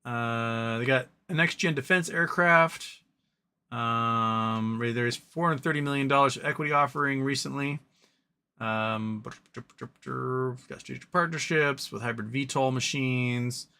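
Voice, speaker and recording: A man's voice: medium pitch, slow pace, vocal fry, sharp tone, clear, resonant tone. A man hosting a live stream, chatting casually about stocks and reading viewer questions, with a rambling delivery full of ums and self-corrections.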